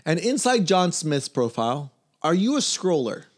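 A man's voice: a little high, very animated, moderate pace. A man hosting a casual podcast chat, teasing his co-host and rambling with restarts mid-word.

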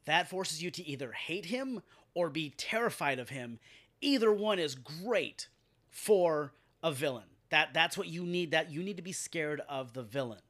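A man hosting a podcast, ranting in an animated, profane and exasperated way. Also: fairly high pitch, measured pace. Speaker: podcast host. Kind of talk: casual podcast rant.

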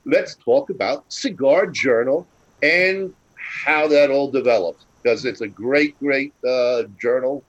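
A man's voice: mid-range voice, slow, dull audio. A man hosting a podcast, introducing guests in an easygoing way. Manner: easygoing, laughs between lines. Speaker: podcast host. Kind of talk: casual podcast chat.

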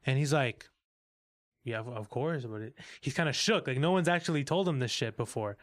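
A young man in casual podcast chat about films, talking at a mid pitch. He gets animated and curses often while he acts out scenes. His voice is close and dry, with no room sound. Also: fairly quick, no room sound. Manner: animated, swearing, acts out movie lines. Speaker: podcast co-host. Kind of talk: casual movie review chat.

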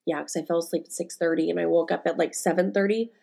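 A woman's voice: lowish voice, steady tone, quick pace, vocal fry, dark tone. A woman in her forties talks alone into her podcast mic, telling stories from her week. She rambles candidly, with many fillers and restarts. Her voice is emotional, close to tears. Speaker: podcast host and life coach. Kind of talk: casual solo podcast monologue.

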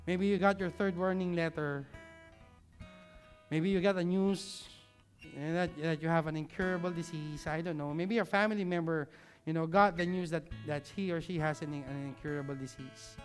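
A man preaching a sermon with slides, dropping his voice low for emphasis and leading the congregation to repeat words after him. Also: steady tone, normal speed, faint music behind. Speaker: pastor.

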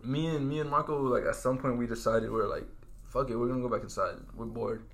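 A man's voice: mid-range voice, steady tone. A young man chatting as a podcast guest, telling a story in a slangy, teasing way. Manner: slangy, teasing, quick-laughing. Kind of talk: casual chat.

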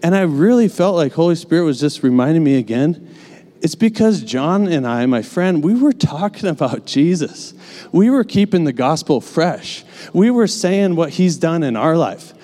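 A man tells a sermon story in a loose, conversational way, leaning on lots of "like" and "you know." His voice is mellow and dark. The sound rings with the long reverb of a large hall. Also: a little high, big pitch swings, moderate pace. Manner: casual, filler-heavy storytelling with many "like"s.

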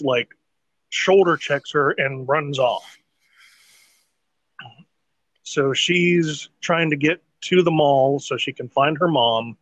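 A man's voice: mid-range voice, fairly bright tone, no echo, muffled recording. A man hosting a podcast, recapping a TV episode in casual, rambling, profane chat with laughs. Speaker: podcast host.

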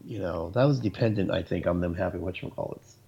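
A man's voice: low-pitched, fast, vocal fry, dark tone, slightly rough, highs cut off, soft background music. A man in his forties, co-hosting a casual chat about movies and telling stories with laughter. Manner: storytelling, laughs often, acts out quotes.

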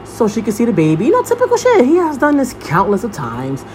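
A young woman and podcast host telling a personal story in a blunt, profane, animated monologue. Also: fairly high pitch, fast, a little hiss or hum. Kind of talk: casual monologue.

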